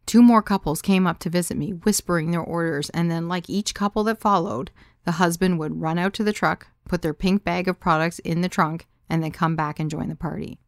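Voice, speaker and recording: A woman's voice: on the low side, fairly even intonation, brisk, dry recording, studio quality. A woman narrating her own story in the first person, in a wry, confiding way.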